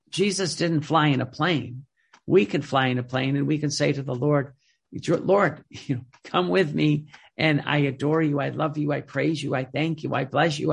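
A man's voice: on the high side, gravelly, slightly rough. A man preaching a sermon with a pleading, repetitive cadence and frequent restarts.

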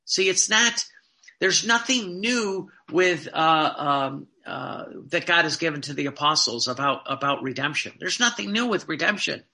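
Earnest man preaching, bright gravelly voice. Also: on the high side, animated. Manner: earnest, repeats words, reads quotes slowly. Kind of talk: sermon.

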